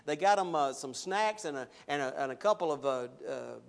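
Male preacher, fairly high voice, lively sermon delivery with loud objections and hushed solemn stretches. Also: creaky. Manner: animated, rising loud when voicing objections, dropping low and slow for solemn points.

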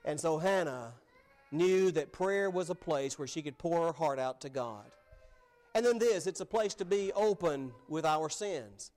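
A man's voice: fairly high pitch, animated, moderate pace, darkish tone. A man preaching a sermon in an earnest way, building to emphatic peaks as he urges his listeners. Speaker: pastor.

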